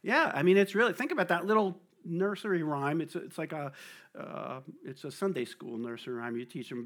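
A man's voice: on the high side, fairly quick, fairly bright tone. A middle-aged man with a New Jersey accent, teaching from scripture in a casual, conversational way, laughing often and checking in with "right?". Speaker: lay preacher or Bible teacher. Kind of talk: casual Bible study talk.

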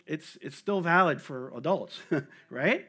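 A man's voice: a little high, lively intonation, slow, a bit bright, slightly rough. A middle-aged man with a New Jersey accent, teaching from scripture in a casual, conversational way, laughing often and checking in with "right?". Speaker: lay preacher or Bible teacher. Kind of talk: casual Bible study talk.

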